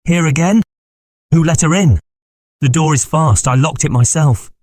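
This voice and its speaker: A man's voice: low voice, steady tone, a little slow, dark tone, breathy edge, heavily acted. A man voicing a delirious, dying middle-aged country squire who raves in frantic terror. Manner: raving, frantic, terror-stricken. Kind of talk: audiobook character voice.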